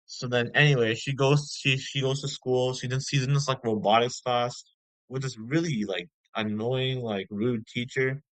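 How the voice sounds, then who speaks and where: A man's voice: medium pitch, fairly even intonation, normal speed, a bit bright, no echo, low-quality recording. A man giving a casual spoken movie review, rambling and slangy, full of fillers like "bro".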